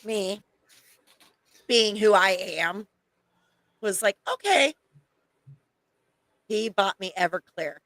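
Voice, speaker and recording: Bright, dry-sounding woman, wry co-host, teasing delivery. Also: mid-range voice, steady tone, slow, long pauses, no echo, poor audio. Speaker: podcast co-host. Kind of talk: casual chat.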